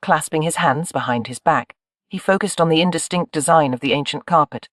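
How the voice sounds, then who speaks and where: An audiobook narrator reading a historical romance in an even, measured way. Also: medium pitch, dry recording, clean studio sound. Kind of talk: scripted narration.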